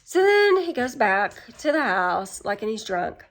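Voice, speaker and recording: A woman casually retelling a film's plot, with many fillers and quick acted-out character quotes. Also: a little high, big pitch swings. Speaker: movie reviewer.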